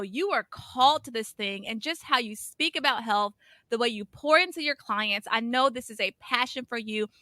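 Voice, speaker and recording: Bright, dry-voiced woman host. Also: a little high, no echo. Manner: warm, affirming, speaks of God's calling. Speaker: podcast host, interviewer. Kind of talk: faith-based interview.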